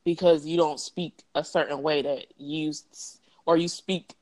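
A woman's voice: low-pitched, steady tone, a little slow, darkish tone. A woman in casual group chat as a podcast co-host, talking in a slangy, profane, emphatic way.

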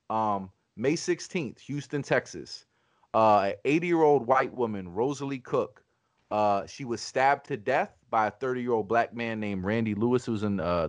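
A man's voice: medium pitch, no room sound. A man hosting a podcast, talking in a casual, argumentative way, swearing often and restarting his sentences. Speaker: podcast host.

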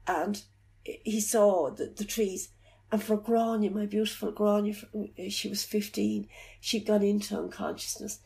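A middle-aged woman telling of her loss in an interview. She talks haltingly and softly, often searching for words. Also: medium pitch, fairly even intonation, creaky. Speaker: bereaved mother telling her story. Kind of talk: personal account in an interview.

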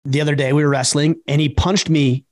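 A middle-aged man in casual podcast conversation, his voice sitting a little high. He speaks with conviction and punches his points home, animating quotes of other people. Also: brisk. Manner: emphatic, animated when quoting others. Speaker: podcast co-host.

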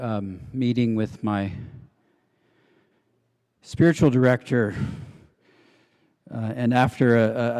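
Male cathedral preacher, mellow tone, thoughtful storytelling, long church reverb. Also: fairly low pitch, clean tone. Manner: reflective storytelling with fillers and restarts. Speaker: cathedral dean. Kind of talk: sermon. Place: large cathedral.

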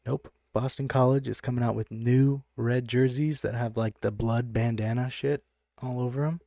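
A man's voice: mid-range voice, fairly even intonation, normal speed, creaky, mellow, no echo, clean studio sound. A man co-hosting a casual sports betting podcast, brash and swearing freely as he runs through his picks. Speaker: podcast co-host.

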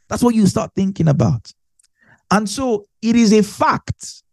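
A man's voice: sits high, animated, unhurried, creaky, a little mellow, no room sound. A man giving a conversational Bible teaching, explaining with everyday examples and repeating phrases for emphasis.

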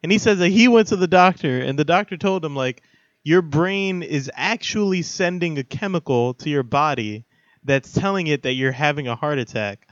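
A man's voice: a little high, moderate pace, no echo. Crude, swearing young man on a dull lo-fi mic. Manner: crude, swears a lot, mock threats. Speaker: podcast co-host. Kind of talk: casual chat. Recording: dull lo-fi sound.

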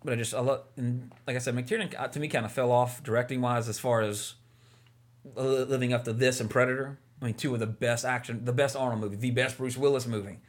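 A man's voice: medium pitch, fairly even intonation, fast talker. A man co-hosting a casual movie podcast, talking enthusiastically and rambling with lots of fillers. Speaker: podcast co-host.

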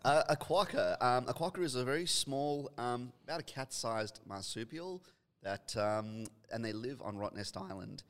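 A man's voice: mid-range voice, lively intonation, normal speed, a bit bright, big-room sound. A man with an Australian accent, chatting as a podcast guest and explaining things at length, with frequent ums and easy laughter. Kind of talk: casual podcast chat.

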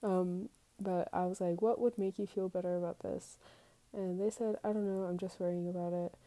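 Woman podcaster, warm low-key tone, candid and sweary, confessional diary monologue. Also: steady tone, normal speed, rough recording. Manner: candid and profane, reading out her text messages. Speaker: podcaster recording a personal diary episode.

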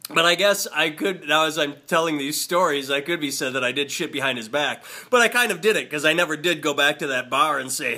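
A man's voice: on the high side, fast talker, few pauses, sharp tone. A man co-hosting a casual comedy podcast, telling a rambling story with frequent restarts and laughter.

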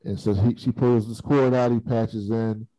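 A man's voice: on the low side, steady tone, normal speed, dark tone, dry recording, rough recording. A man in casual chat, animatedly retelling a TV episode and acting out the characters' lines. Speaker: podcast co-host recapping a TV episode.

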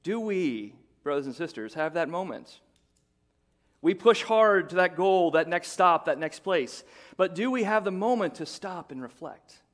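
Middle-aged guy preaching, pretty high voice, chatty, repeats himself, gets fired up. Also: a little slow. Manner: conversational, repeats words, builds to excited bursts. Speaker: pastor. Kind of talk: sermon.

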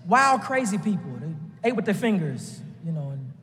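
A man from Texas, preaching a lively sermon from the pulpit with jokes and rising shouts. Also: sits high, moderate pace, in a large hall, slight background noise. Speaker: pastor.

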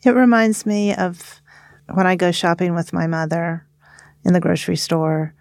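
A woman professor talking as a podcast guest, speaking in a calm, measured, thoughtful way. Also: on the low side, creaky, dry recording, studio quality. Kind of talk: casual reflective discussion.

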